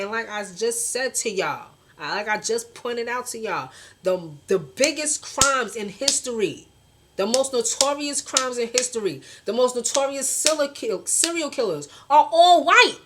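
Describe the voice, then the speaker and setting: A woman's voice: a little high, animated, measured pace, a bit bright. A young woman, venting bluntly and passionately in a casual vlog, swearing often and talking straight to her viewers. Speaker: vlogger.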